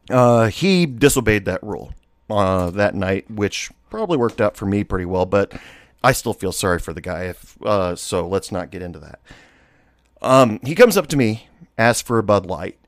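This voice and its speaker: A man's voice: fairly low pitch, no echo, clean studio sound. A man, a former bartender, telling a casual story, rambling with fillers and restarts.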